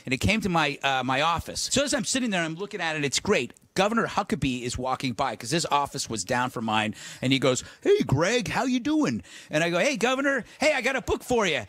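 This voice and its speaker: This late-night comedy host has a fairly high, sharp voice on a dry recording. Before a live audience in a TV studio, he spins a rambling tale with self-mocking asides, and the audience can be heard laughing.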